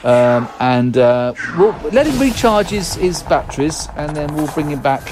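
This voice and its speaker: Chatty podcast host. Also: male voice, a little high, very animated, a little slow. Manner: chatty, wraps up the show. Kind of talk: casual chat.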